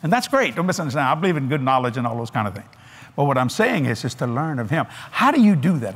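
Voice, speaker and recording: An older man with a drawl preaches to a big convention crowd, his husky voice sitting a little high for a man. He swings his pitch up and down with great animation. He tells it folksy, with little laughs and asides. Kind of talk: sermon. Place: large convention hall.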